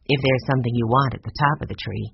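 A storybook reader voicing a gentle, earnest boy who speaks plainly. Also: mid-range voice, steady tone, fast, vocal fry, background noise, close to an everyday voice. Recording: dull dry lo-fi recording.

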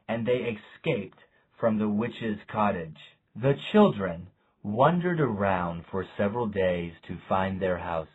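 Male storybook narrator, deliberate and lively in pitch, slightly low, lo-fi audio. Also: husky. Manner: slow, deliberate, lively intonation. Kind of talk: storybook reading.

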